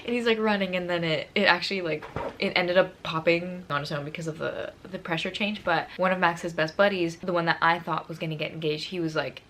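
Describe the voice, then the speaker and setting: Young woman vlogging, emotional and gushy, lotta "like"s, slightly low voice, faint noise behind. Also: steady tone, a little fast, fairly bright tone. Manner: gushing, emotional, lots of fillers. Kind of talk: casual storytelling to camera.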